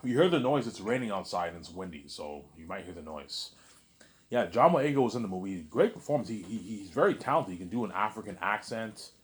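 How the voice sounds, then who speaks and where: Very low-voiced man rambling late at night. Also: expressive, a little fast. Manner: meandering, repeats himself, says "obviously" often. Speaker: vlogger.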